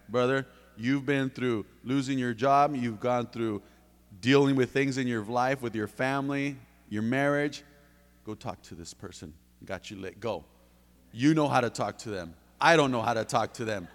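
A man preaching a sermon in a church, fervent, dropping to low intimate tones and then rising to loud bursts. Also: normal speed, big-room sound. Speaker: lay preacher giving testimony. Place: church sanctuary.

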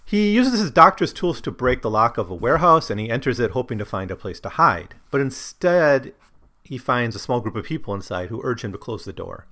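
A man's voice: medium pitch, big pitch swings, brisk, pushed and bright. A man explaining a novel in a discursive lecture style, thinking aloud as he goes. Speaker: book discussion host.

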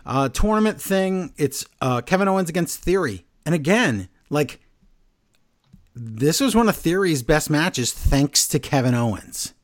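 A man's voice: on the high side, a little slow. A man co-hosting a podcast, recapping wrestling in casual chat and acting out quotes for laughs. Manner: animated, jokey, acts out quotes. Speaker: podcast co-host.

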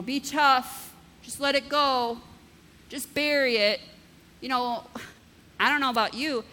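A woman's voice: high voice, bright, forceful tone, in a large hall. A woman pastor preaching a conversational sermon, often checking in with "right?" and using vivid everyday examples. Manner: conversational, keeps asking "right?".

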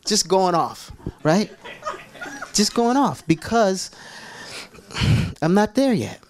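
Animated, jokey preacher man. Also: sits high, unhurried, long pauses. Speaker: pastor. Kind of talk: sermon.

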